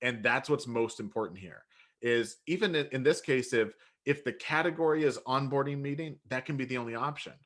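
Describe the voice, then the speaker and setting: Male co-host, average pitch, chatty and quick to add tips. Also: fairly bright tone. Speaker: co-host answering viewer questions. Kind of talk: live webinar instruction.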